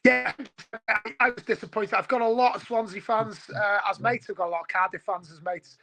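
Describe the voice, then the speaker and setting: A man from Wales in his forties, a football fan talking on a video call, excitable and rambling, calling everyone mate. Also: sits high, fairly quick, faint music behind. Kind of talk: casual podcast chat.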